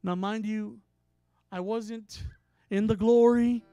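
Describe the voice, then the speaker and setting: A man who is a traveling minister, telling a story in a sermon with animated, acted-out dialogue. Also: high-pitched, takes it slowly, smooth, no room sound, faint music behind.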